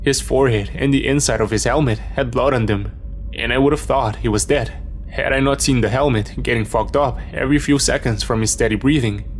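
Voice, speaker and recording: A man's voice: medium pitch, fairly quick, a little hiss or hum. Man narrating a space horror story. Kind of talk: scripted first-person horror narration.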